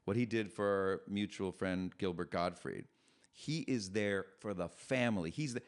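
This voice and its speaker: A middle-aged man, a comedian, talking as a podcast guest, with animated, self-deprecating storytelling. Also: low-pitched, moderate pace, clear, resonant tone. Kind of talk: podcast conversation.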